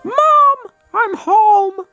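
A cheeky little boy Toad with a squeaky, very high voice, as a woman puts him on. He whines and sasses his mother like a bratty cartoon kid from a video game. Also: very slow, bright, forceful tone, no echo, lo-fi sound, faint music behind, full character voice. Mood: excited.

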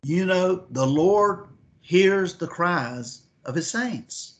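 A man leads a Bible lesson, reading scripture aloud and pausing to put questions to his listeners. His voice sits a little high for a man. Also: lively intonation. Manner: asks the class questions, reads scripture aloud. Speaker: Bible teacher.

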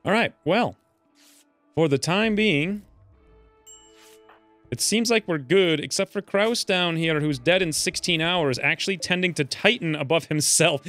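Male let's-play host, fairly high voice, playful and animated, soft music underneath. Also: unhurried, long pauses, no echo. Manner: joking, animated, voices his dwarf's rants. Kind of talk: casual gameplay commentary.

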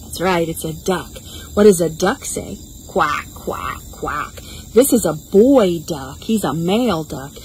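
A woman's voice: on the low side, lively intonation, moderate pace, warm tone, slight background noise, low-quality recording. A woman librarian leading a toddler storytime outdoors, coaxing the children along in a sing-song voice and imitating animal sounds.

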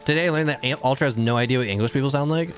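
A man streaming a video game live, chatting casually with his viewers and shouting at the screen during fights. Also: medium pitch, very fast, faint music behind. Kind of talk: casual gameplay livestream chat.

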